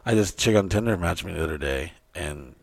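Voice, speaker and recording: A young man swaps crude stories in a relaxed, rambling way. His voice sits low with a gravelly edge. The sound is close and dry. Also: quick pace, dry recording. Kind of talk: casual chat.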